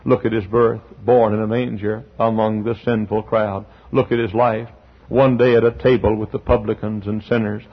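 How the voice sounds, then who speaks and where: A male pastor preaching an impassioned sermon in a church, swinging from soft to loud and breaking into hymn lines. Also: fairly low pitch, level tone, moderate pace, breathy edge, lo-fi sound. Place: church sanctuary.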